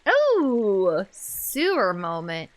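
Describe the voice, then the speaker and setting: A woman's voice: medium pitch, drawn-out words. A woman streamer giving playful, jokey commentary while she plays a game. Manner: playful and animated, jokey asides. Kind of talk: casual let's-play commentary.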